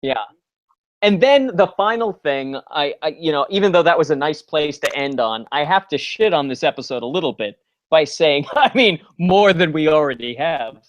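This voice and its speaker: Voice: medium pitch, animated, moderate pace, muffled recording. Chatty podcast co-host recapping an episode. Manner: acts out characters' lines with mocking quotes; frequent restarts and filler words. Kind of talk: casual recap chat.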